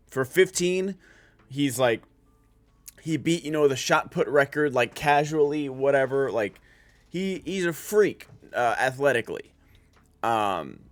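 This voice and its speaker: A man's voice: medium pitch, no echo. A man giving a casual spoken anime review as a streamer, rambling with many filler words and restarts.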